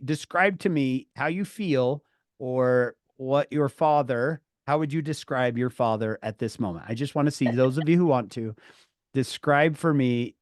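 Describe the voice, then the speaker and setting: A man teaching a class of teenagers over a video call, telling an animated story and acting out the dialogue in different voices. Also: medium pitch, no room sound, clean studio sound.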